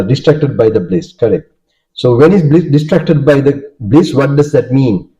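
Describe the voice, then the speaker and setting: Teaching in a mid-range but very dark voice, this male Sri Lankan monk, a native Sinhala speaker, delivers a dharma talk that asks questions of the audience. He repeatedly checks comprehension with "okay?" and "right?"; the recording sounds dull and lo-fi.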